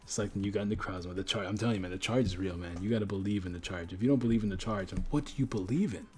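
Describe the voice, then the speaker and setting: A man's voice: on the low side, very fast, a little mellow. A young man hosting a livestream, chatting casually with viewers and hyping them up with repeated chants and slang while opening card packs. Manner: hype-building, slangy, repeats chants, talks to chat. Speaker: livestream host.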